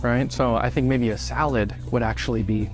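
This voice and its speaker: A man's voice: mid-range voice, steady tone, brisk, faint music behind, lightly acted. A man playing a condescending, sarcastic restaurant host in a comedy skit. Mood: snide. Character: smug rude male restaurant host. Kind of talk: skit acting.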